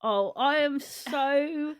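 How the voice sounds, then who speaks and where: A woman's voice: sits high, extremely slow, no room sound, studio quality. A woman co-hosting a podcast, talking in a teasing, bossy, blunt way. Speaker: podcast co-host. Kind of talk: casual comedic chat.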